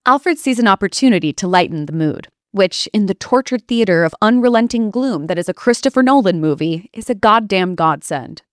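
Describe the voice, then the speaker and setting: A woman doing scripted comedic narration in a deadpan way, full of wry asides. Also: mid-range voice, fairly quick, few pauses, no echo, studio quality.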